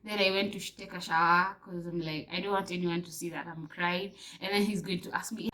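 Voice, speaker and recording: A young woman with a Kenyan accent chatting to camera in a casual vlog, telling stories in an animated way and slipping between English and Swahili. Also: on the low side, brisk, hardly any pauses, rough recording. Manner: animated storyteller, mixes in fillers. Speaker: vlogger.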